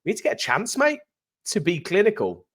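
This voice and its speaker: An English man chatting as co-host of a football fan show. His pitch swings widely as he talks. He keeps it upbeat and jokey, a casual, matey delivery. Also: wildly swooping pitch, fairly quick, husky. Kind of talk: casual chat.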